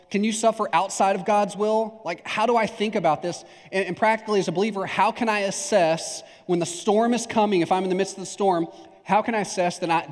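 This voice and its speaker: A man preaching a sermon as pastor, talking in a conversational, animated way with asides and acted-out examples. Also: high voice, big-room sound.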